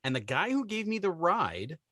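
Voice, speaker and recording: Bright-voiced man telling stories. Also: sits high, moderate pace, dry recording, clean studio sound. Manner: animated storyteller, acts out quoted people. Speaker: podcast co-host. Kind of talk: casual chat.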